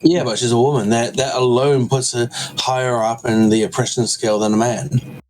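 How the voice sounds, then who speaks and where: A man's voice: medium pitch, steady tone, moderate pace, darkish tone. A man co-hosting a video reaction show, making snide, mocking remarks. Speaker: co-host. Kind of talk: sarcastic reaction banter.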